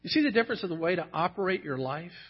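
Man, pastor, sermon, earnest, impassioned emphasis, husky tone, muffled lo-fi audio. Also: high-pitched, lively intonation, very fast. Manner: earnest, rising to impassioned emphasis when quoting scripture.

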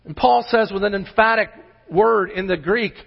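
A high-voiced man delivers an emphatic sermon, stacking rhetorical questions as he drives each point home. The sound is muffled and dull, and a long reverb trails his words through a large church sanctuary. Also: moderate pace, creaky. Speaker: pastor.

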